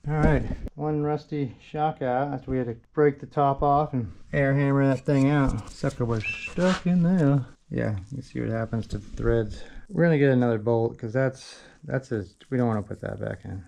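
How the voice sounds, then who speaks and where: A man's voice: mid-range voice, normal speed, gravelly, darkish tone. A man working on a car in his repair shop, chatting casually and joking with playful rhymes. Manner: playful, rhyming wordplay and banter with his dog. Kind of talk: casual workshop vlog. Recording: noisy workshop with tool clicks.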